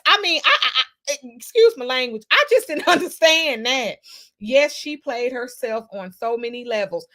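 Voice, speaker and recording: Animated, high-pitched woman gossip host. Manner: animated, emphatic, salty and profane; chatty, greets viewers by name. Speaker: livestream host reading chat. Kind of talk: casual gossip commentary.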